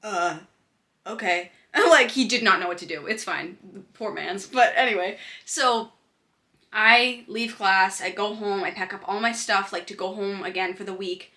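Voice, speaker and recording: A young woman tells a personal story straight to camera. Her voice is bright and forward, with an ordinary middle pitch. She talks in a loose, chatty way and drops "like" into almost every sentence. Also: moderate pace. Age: young adult. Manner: chatty, says "like" often. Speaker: vlogger.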